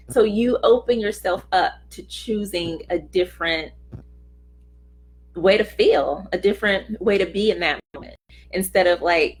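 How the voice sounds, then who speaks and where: A middle-aged woman hosting a casual motivational talk, speaking earnestly and conversationally and acting out short quoted remarks. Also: medium pitch. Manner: earnest, conversational, acts out little quoted voices. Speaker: host of a self-help talk.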